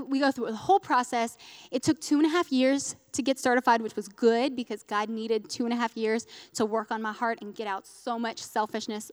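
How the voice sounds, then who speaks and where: A woman's voice: fairly high pitch, smooth, big-room sound. A woman in her thirties giving an earnest, emotional personal testimony as part of a sermon, close to tears, with frequent restarts. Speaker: speaker at a church gathering.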